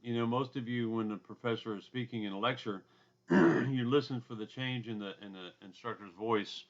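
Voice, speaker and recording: A man with a loud booming voice and a drawl, giving a casual recorded lecture from his home basement, with asides and throat clearing. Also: moderate pace, muffled recording. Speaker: instructor.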